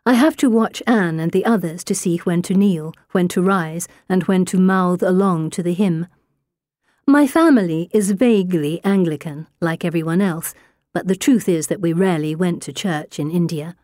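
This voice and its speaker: A woman narrates an audiobook in the first person, with a steady, wry delivery. Her voice sits a bit low and sounds warm and mellow. The recording is dry and close, with no room sound. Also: normal speed, no echo.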